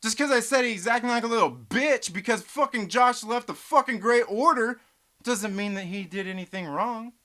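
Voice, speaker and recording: A man's voice: very high voice, moderate pace, pushed and bright. A man hosting a live stream, reading viewer chat aloud and ranting with lots of swearing and laughter. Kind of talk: casual live stream rant.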